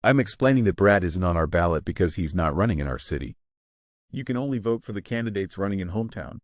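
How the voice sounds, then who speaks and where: A man voicing a calm, weary male election worker who explains slowly and carefully, in a low, dry voice. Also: dry recording. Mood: patient. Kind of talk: scripted story narration.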